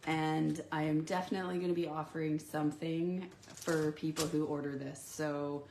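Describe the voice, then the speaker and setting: A woman's voice: low voice, little pitch movement, normal speed, darkish tone, slight background noise. A sick, congested woman chatting casually and rambling with lots of ums as she demonstrates papercraft products on a live stream from her home craft desk.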